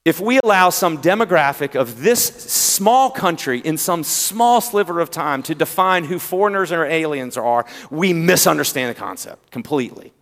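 A man with a Southern accent preaching a sermon, drawing out key words with pauses and swinging between loud emphasis and hushed tones. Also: a little high, lively intonation. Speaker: pastor. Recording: long hall reverb.

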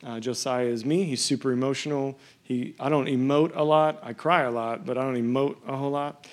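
A man's voice: medium pitch, fairly even intonation, a little fast. A man in his thirties preaching a sermon, reading scripture and telling a personal story in an earnest, conversational way. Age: 30s. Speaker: pastor.

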